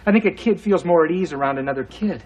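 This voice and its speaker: A man's voice: fairly high pitch, fast, close to an everyday voice. An actor playing a playful, flirty middle-aged father and robot inventor in a studio sitcom. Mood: cheerful. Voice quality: lively, teasing delivery. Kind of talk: 1980s studio sitcom acting.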